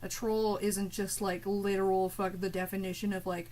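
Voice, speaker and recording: A woman's voice: mid-range voice, flat delivery, normal speed, darkish tone, rough recording. A woman streamer ranting live at her chat, swearing and confrontational, with biting sarcasm.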